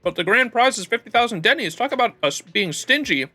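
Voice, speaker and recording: A man reading the lines of a cheerful, wry young woman from a game in a raised, lively voice. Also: very high-pitched, brisk, soft background music, pitched above the performer's own voice, heavily acted. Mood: teasing.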